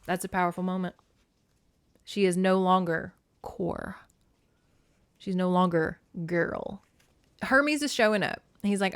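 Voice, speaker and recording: A woman's voice: medium pitch, a little slow, fairly bright tone, clear, resonant tone, dry recording. A woman hosting a podcast, recapping a book in a chatty, joking way. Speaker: podcast host. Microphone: video podcast camera.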